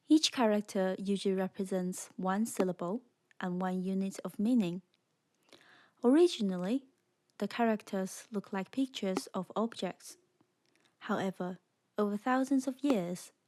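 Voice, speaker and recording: A woman narrating a scripted beginner language lesson, speaking slowly and clearly and demonstrating sounds for the listener to repeat. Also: medium pitch, a little mellow. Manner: slow, clear, demonstrating tones. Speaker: language teacher.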